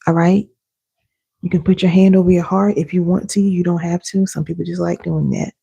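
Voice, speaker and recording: A woman coaching viewers live, her low, mellow voice gravelly and husky. She talks to her audience casually, then slows right down to lead affirmations and breathing. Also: flat delivery, dull audio. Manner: guides listeners through slow affirmations and breathing. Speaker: inner healing coach. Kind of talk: live-stream coaching session.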